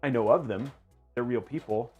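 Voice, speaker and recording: Over soft background music and lo-fi sound, a male livestream host chats casually, rambling, playful and self-mocking. He speaks at normal speed in a medium-pitched, slightly mellow voice.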